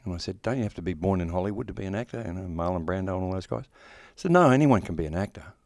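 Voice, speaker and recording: A man's voice: low voice, animated, very fast, a little mellow, dry recording, studio quality. A man in his sixties with an Australian accent, a guest actor talking bluntly and joking, with plenty of swearing, in a casual interview. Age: 60s. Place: horror convention.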